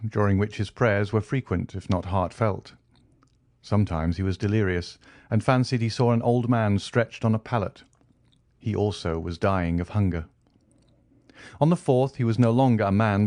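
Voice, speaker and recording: A man reads a classic novel aloud in a steady, even storytelling manner. His voice sits on the low side. The recording is dry and close. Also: dry recording. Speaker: audiobook narrator. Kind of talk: scripted narration.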